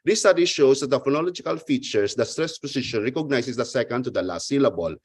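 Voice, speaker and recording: A man's voice: mid-range voice, expressive, husky, dry recording. Man presenting a research paper. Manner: halting, restarts words, careful formal reading. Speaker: conference presenter. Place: online conference talk.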